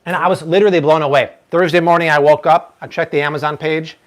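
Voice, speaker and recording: An energetic man in his thirties runs a live cooking demo, talking viewers through each step in a fairly high, lively voice. He chats easily and tosses in playful bits of broken Spanish. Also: quick pace. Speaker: cooking show host.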